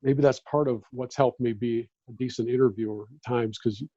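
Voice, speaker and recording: Fifties ex-reporter guest, warm voice on dull, dry lo-fi audio, tells stories and acts out quotes. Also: male voice, medium pitch, steady tone, normal speed, no echo. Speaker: podcast guest, former sports beat reporter. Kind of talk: casual storytelling chat.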